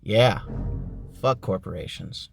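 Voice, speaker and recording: A man's voice: lowish voice, slow pace, gravelly, music in the background. A man hosting a casual podcast, recapping a book in a rambling, sarcastic and profane way. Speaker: podcast host. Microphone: online voice call.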